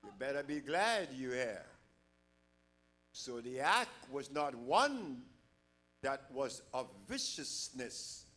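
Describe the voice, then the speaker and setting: Older man, emphatic lecturer, rhetorical questions, bright tone, slow delivery. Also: mid-range voice. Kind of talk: public lecture to a live audience. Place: large lecture hall with an audience.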